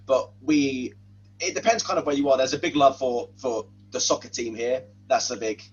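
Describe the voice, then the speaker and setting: An English man hosts a podcast and asks his questions in a relaxed, friendly way. His voice sits in a middle range. The sound is muffled and lo-fi, with a faint hum underneath. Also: medium pitch, normal speed. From Watford, England. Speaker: podcast host. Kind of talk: casual interview chat.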